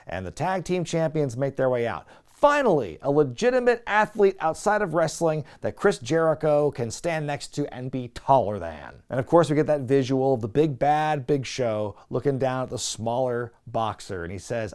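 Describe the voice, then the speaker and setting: A man's voice: mid-range voice, very animated, moderate pace, hardly any pauses, darkish tone, clear, resonant tone. A man hosting a wrestling review show, giving a casual, sarcastic recap and talking to viewers as folks. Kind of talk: casual comedic recap commentary.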